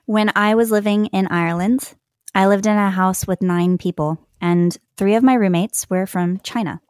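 A woman's voice: mid-range voice, steady tone, moderate pace, a little mellow, dry recording, clean studio sound. A woman guest telling stories in a casual interview, chatty and laughing often. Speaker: guest, language learner.

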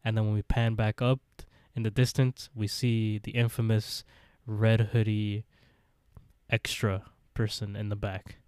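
A man's voice: lowish voice, level tone, measured pace, darkish tone, clear, resonant tone, dry recording, clean studio sound. A man co-hosting a podcast, casually retelling scenes with frequent laughs and quoted dialogue. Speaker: podcast co-host. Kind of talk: casual recap chat.

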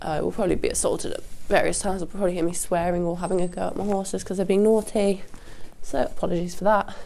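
Sick woman, gravelly low voice. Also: fairly even intonation, quick pace, a little mellow. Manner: casual, sweary, apologetic. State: sick, sniffing and nasal. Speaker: podcast host. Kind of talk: rambling solo podcast chat. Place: outdoors at a windy horse yard. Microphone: lapel mic clipped to jacket. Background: wind noise.

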